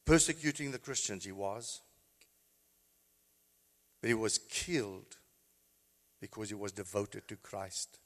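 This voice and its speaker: A man, a pastor, preaching an impassioned sermon that swings from quiet, low passages to high, shouted exclamations. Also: lively intonation, slow, long pauses, in a large hall.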